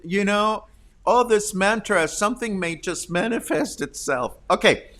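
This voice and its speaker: A man hosting a live community show, playful and quick to break into loud laughter. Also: high voice. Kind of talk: lively live-stream chat.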